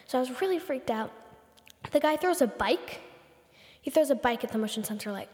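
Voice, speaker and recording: A woman's voice: high voice, lively intonation, brisk, darkish tone, long reverb tail. A teenage girl hosting a podcast, telling a story casually, with lots of "like" and repeated words. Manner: breathless retelling full of "like" and repeats. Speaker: podcast host.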